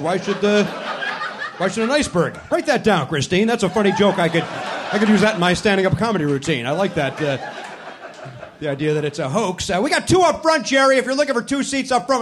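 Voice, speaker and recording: Onstage at a comedy club, a high-pitched man hosts a live podcast, bantering in a brash, sarcastic, profane, stand-up style at a fairly quick clip. The live recording picks up crowd noise and audience laughter.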